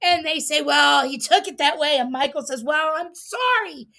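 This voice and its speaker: A woman hosting a casual livestream recap, reading quotes aloud with animated emphasis and laughing often. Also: high voice, normal speed, gravelly. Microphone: streaming setup mic.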